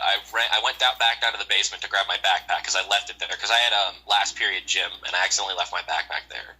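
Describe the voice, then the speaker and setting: A man's voice: low voice, pushed and bright, breathy edge, rough recording. A young man telling a rambling, profane story in casual chat, with lots of fillers. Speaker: storyteller on a call show.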